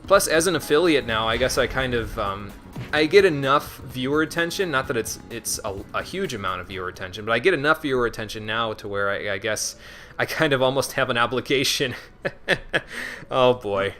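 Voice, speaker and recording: A man gives casual commentary while streaming a game, answering chat and laughing at himself. His voice is bright and his pitch moves a lot. Faint game music runs underneath. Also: expressive, brisk. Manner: chatty, answers chat, self-deprecating with restarts.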